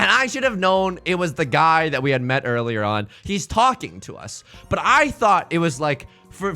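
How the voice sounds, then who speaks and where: A man's voice: on the high side, pushed and bright. A young man streaming live, telling a rambling, self-mocking story with frequent laughs while he plays a game. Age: young adult.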